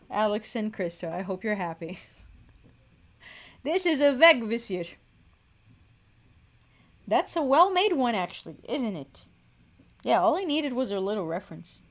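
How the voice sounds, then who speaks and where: Her voice sits on the high side, swinging widely in pitch, and she takes her time with long pauses. This livestream host and singer muses aloud as she draws, chatting casually. Weary, she sighs often and mocks herself.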